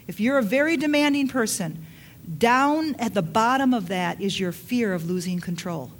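A woman's voice: a little high, a little hiss or hum. A woman pastor preaching a sermon in an earnest, repetitive way, with bursts of laughter.

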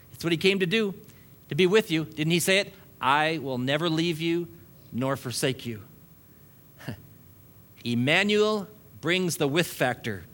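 A man's voice: fairly high pitch, lively intonation, measured pace, pauses often, a bit bright. Chuckling male preacher. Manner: preaching with frequent chuckles, building repetitive lists. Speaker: pastor. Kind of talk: sermon.

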